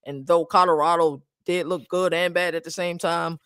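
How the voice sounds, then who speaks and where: Man, sports podcast host, relaxed and agreeable, slightly high voice. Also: moderate pace, clear, resonant tone, no room sound, studio quality. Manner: laid-back, agreeable, leads the topics. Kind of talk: casual sports chat.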